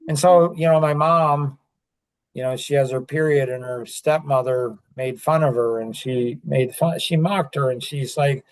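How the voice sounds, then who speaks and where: A man's voice: medium pitch, measured pace. An older man hosts a loose, casual podcast conversation. He rambles, leans heavily on fillers, and often breaks off and restarts his sentences. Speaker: podcast host.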